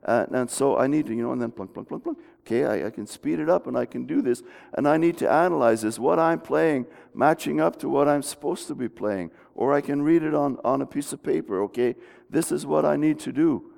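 Gravelly-voiced pastor in an echoing church. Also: male voice, fairly high pitch, a little fast, a little mellow. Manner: folksy, conversational with frequent restarts. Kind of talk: sermon. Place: church sanctuary. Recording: long reverb of a church hall.

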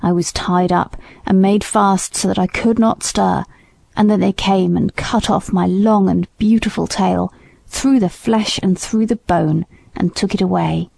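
A woman voicing an indignant old male horse who speaks low and gravely. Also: fairly even intonation, unhurried, darkish tone, no room sound.

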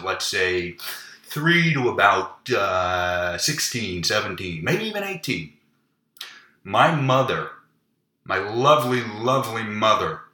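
A man hosting a comedy podcast, telling crude stories in a deadpan monologue. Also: lowish voice. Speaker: podcast host. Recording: echoey room.

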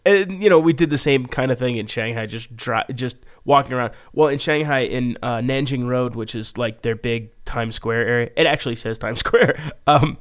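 Guy rambling thru a story on a podcast, middle pitch, swears a lot, lots of ums. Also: moderate pace, few pauses. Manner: loose, rambling storytelling with frequent swearing and fillers; mimics people's voices in a high, singsong pitch when quoting. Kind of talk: casual chat, telling travel stories.

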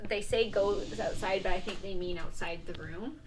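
A young woman co-hosting a podcast, chatting and giggling as she retells a ghost story, dropping to hushed tones and then getting loud. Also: mid-range voice, normal speed, noisy background. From Canada. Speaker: podcast co-host. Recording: unboosted mic with background chatter.

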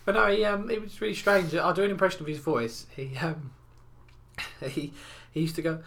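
A man's voice: fairly high pitch, fairly even intonation, moderate pace, creaky, a bit bright. A man telling rambling stories in a casual chat, laughing and swearing as he goes. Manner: rambling, laughing, swearing, does voices of customers.

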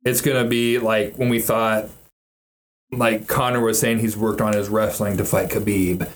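A man's voice: fairly low pitch, little pitch movement, moderate pace. Profane rambling man chatting. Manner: profane, rambling, frequent restarts. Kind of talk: casual chat about fighting.

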